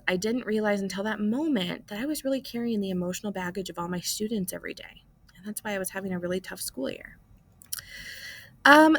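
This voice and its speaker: A woman's voice: mid-range voice, no echo. A woman teacher talking students through a writing lesson in a casual, explanatory way, often checking in with "okay?" and "right?", recorded on a computer mic.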